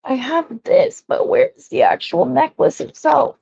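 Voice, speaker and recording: Chatty woman streaming her craft, higher voice, unhurried, dull lo-fi audio. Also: very animated, vocal fry, dark tone. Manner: chatty and rambling, greeting viewers as she works. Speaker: jewelry maker hosting a live stream. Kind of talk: casual live-stream chat.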